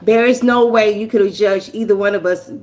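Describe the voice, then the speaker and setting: A woman poet in a casual stream chat who talks in quick restarts, emphatic and confronting. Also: medium pitch, fairly even intonation, darkish tone, slight background noise. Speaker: poet in a battle league.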